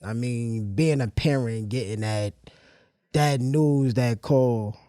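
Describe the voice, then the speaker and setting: A man's voice: medium pitch, slow, dark tone, no room sound, clean studio sound. A young man hosting an interview with his mother, asking easygoing, casual questions.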